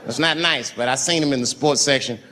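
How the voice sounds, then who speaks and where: A man's voice: brisk, pushed and bright, in a large hall, a faint crowd. A man performing a stand-up comedy set, telling stories and acting out the people in them. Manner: storytelling, acting out characters with big pitch swings.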